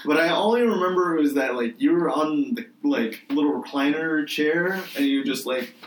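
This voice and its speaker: A man's voice: on the high side, moderate pace. Young man far off in an echoey room. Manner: laughing recollection, swearing. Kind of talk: casual chat among friends. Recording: roomy, distant mic, noisy.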